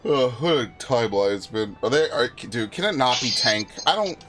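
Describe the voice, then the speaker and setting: A man's voice: medium pitch, moderate pace, soft background music. A young man streaming a game, telling stories in casual, profane chat with a friend. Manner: animated, profane storytelling.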